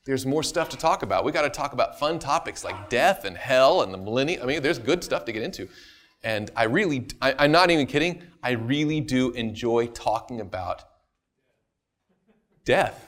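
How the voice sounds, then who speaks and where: A man's voice: mid-range voice, animated, normal speed, a bit bright. A man giving a casual Bible study talk, emphatic, repeating phrases for stress and often checking in with his listeners. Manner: emphatic, keeps checking in with "right?". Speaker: Bible teacher.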